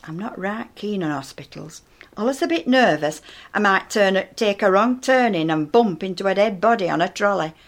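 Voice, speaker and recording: A woman's voice: medium pitch, lively intonation, normal speed, lightly acted. A woman playing a chatty old northern lady. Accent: Northern English. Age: older. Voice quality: gossipy, matter-of-fact, dry humour. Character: chatty, nosy elderly northern widow-type woman. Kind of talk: comic character monologue.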